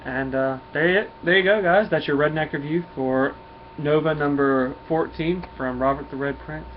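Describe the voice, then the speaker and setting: A man, reviewing a comic book in a relaxed, folksy way. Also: fairly high pitch, moderate pace. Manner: relaxed, folksy, many fillers. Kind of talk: casual comic review and read-through. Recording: dull lo-fi with faint hum.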